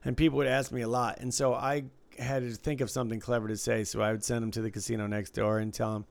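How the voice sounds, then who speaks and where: A man with a mid-pitched, gravelly voice chats easygoingly, agreeing often and drifting into relaxed anecdotes. He sounds dry and close to the mic. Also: fast, few pauses, no room sound. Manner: easygoing, agreeable, frequent "right". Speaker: casino floor supervisor. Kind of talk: casual podcast chat.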